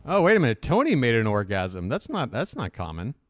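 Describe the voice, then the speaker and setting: A man's voice: mid-range voice, huge pitch swings, fairly quick. A man hosting a live reaction stream, chatting casually and joking, with a slight lisp and self-conscious asides.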